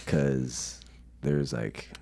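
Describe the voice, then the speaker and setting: Very deep gravelly man telling stories. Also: fairly even intonation, extremely slow, warm tone. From United States. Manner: profane, laughing storyteller. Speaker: podcast guest. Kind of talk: casual storytelling.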